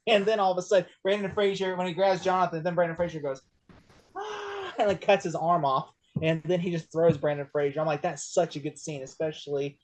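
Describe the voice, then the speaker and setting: A man chatting casually about a movie, rambling with lots of fillers and getting excited as he retells scenes. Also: a little high. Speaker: podcast co-host.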